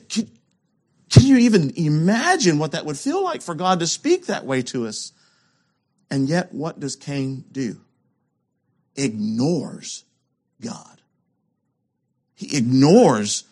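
A man preaching with a notably high voice. He leans hard on key words and asks pointed rhetorical questions. He drops to hushed lows before rising again. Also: husky. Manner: emphatic, rhetorical questions, swings between loud and hushed. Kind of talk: sermon.

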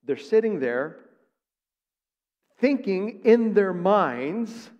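A male pastor delivers a sermon with emphatic, searching questions aimed at the congregation. His voice sits a bit higher than most men's and rings through a large sanctuary with a long reverb tail. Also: animated, measured pace, pauses often, darkish tone. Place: church sanctuary.

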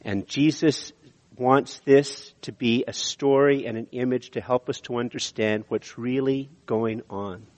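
A man preaching a sermon in earnest, slowing down to stress key words, in a church sanctuary. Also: mid-range voice, steady tone, darkish tone. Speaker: pastor. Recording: dull audio with long hall reverb.

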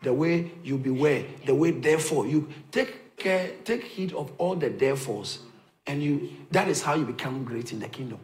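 A man's voice: mid-range voice, lively intonation, normal speed, darkish tone. A man preaching a sermon to a congregation, often repeating phrases and asking the listeners whether they follow him. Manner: rhetorical questions to the congregation, repeats phrases for emphasis.

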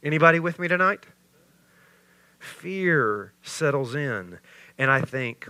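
Male pastor delivering a sermon, slightly high voice, slow pace, sarcastic flair. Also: clear, resonant tone, no echo. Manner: sarcastic asides, rising to loud animated bursts.

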